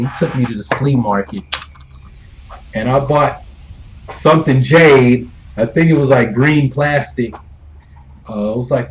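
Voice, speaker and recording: A man's voice: mid-range voice, a little mellow, poor audio. A man streaming a game and casually telling a story with loose, laid-back talk, swearing freely and chuckling between lines. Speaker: gaming streamer.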